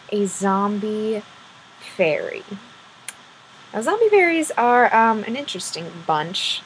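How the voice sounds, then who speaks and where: A woman's voice: a little high, a little hiss or hum, low-quality recording. A woman vlogger telling a silly made-up story in a playful, rambling way, with many fillers. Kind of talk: casual storytelling.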